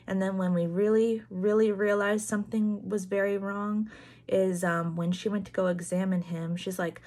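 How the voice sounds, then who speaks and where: A young adult woman telling a personal family story, halting and earnest, with frequent fillers like "like" and "um". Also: medium pitch, flat delivery, a little mellow. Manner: earnest, halting retelling full of "like" and "um"; acts out others' lines in quoted dialogue.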